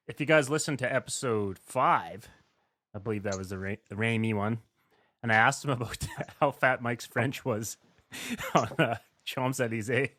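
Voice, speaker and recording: A man's voice: mid-range voice, moderate pace, sharp tone. A man hosting a casual podcast chat who laughs often and swears casually. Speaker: podcast host.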